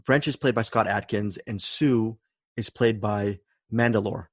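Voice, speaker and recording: A man's voice: fairly low pitch, fairly even intonation, unhurried, dry recording. Enthusiastic man hosting, dry sound. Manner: enthusiastic, repeats words while thinking. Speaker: podcast host. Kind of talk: casual chat.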